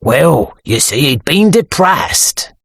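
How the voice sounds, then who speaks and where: A woman doing a stolid husky police sergeant. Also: low voice, big pitch swings, takes it slowly, dry recording, clean studio sound, exaggerated voice. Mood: steady. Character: stolid middle-aged male police sergeant. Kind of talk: audiobook character reading.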